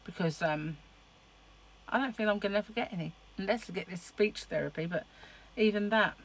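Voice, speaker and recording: A woman's voice: mid-range voice, brisk, gravelly, low-quality recording. A middle-aged woman chatting casually to camera in a rambling, laughing way. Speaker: vlogger.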